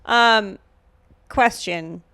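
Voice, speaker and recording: A woman's voice: medium pitch, drawn-out words, bright, forceful tone, smooth, dry recording. Sarcastic, swearing woman podcast host. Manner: profane, sarcastic, lots of "like" fillers. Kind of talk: casual podcast chat.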